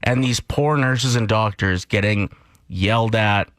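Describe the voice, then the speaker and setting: A man's voice: fairly low pitch, a little slow, no echo. A man from Canada co-hosting a morning radio show, ranting and telling stories in casual chat. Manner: animated, ranting and storytelling.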